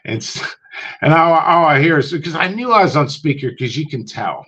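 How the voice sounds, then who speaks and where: A man's voice: a little high, lively intonation, normal speed, fairly bright tone, breathy edge, muffled recording. A man telling stories in a casual livestream chat, rambling with lots of ums and restarts and putting on voices when he quotes people. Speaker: guest on a livestream chat show.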